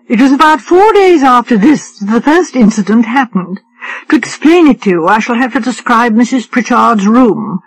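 A woman audiobook narrator reading a story in a measured, even way. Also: fairly high pitch, husky, no room sound, rough recording. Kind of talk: scripted narration.

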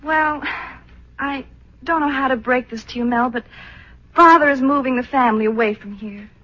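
A woman's voice: high-pitched, normal speed, highs cut off. An actress in a 1940s radio comedy playing a practical young sweetheart who scolds her boyfriend with growing impatience. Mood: impatient.

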